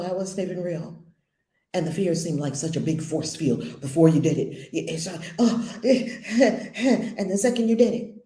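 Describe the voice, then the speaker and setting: A woman's voice: on the low side, dark tone, echoey room. A woman giving a spiritual lesson, earnest and emphatic, often repeating phrases, with conversational, playful asides. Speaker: spiritual teacher.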